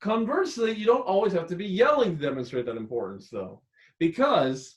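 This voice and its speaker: A man lecturing as a public speaking instructor who keeps shifting his volume and tone to sound expressive. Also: sits high, fairly quick. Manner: expressive, constantly varying volume and tone. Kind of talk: recorded lecture. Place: rented room used as a classroom. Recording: echoey room.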